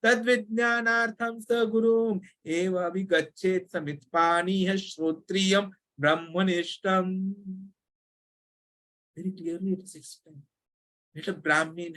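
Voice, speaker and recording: A devotional teacher giving a scripture lesson, chanting Sanskrit verses and then explaining them earnestly, repeating key words for emphasis. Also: mid-range voice.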